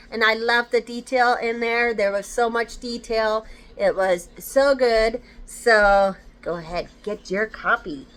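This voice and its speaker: A woman with a smooth, clear voice recaps a horror book she just read. She talks casually and rambles, with lots of fillers along the way. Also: fairly high pitch, a little slow, fairly bright tone. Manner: rambling retelling with likes and fillers. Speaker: book reviewer.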